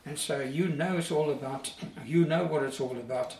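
A man's voice: on the high side, normal speed, darkish tone. A man preaching a sermon in an earnest, emphatic way, repeating key phrases for weight. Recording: echoey room, distant mic, faint ambience.

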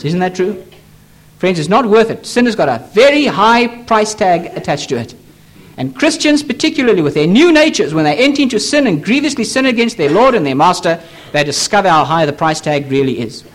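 High-voiced man preaching emphatically. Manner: emphatic, repetitive preaching with pleading appeals. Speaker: pastor. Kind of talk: sermon. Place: church.

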